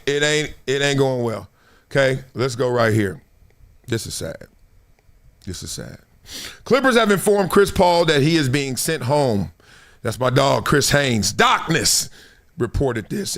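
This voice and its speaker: A middle-aged man from Compton, hosting an animated live-stream sports talk show and acting out quoted voices with frequent laughs. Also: medium pitch, measured pace. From Compton, Los Angeles.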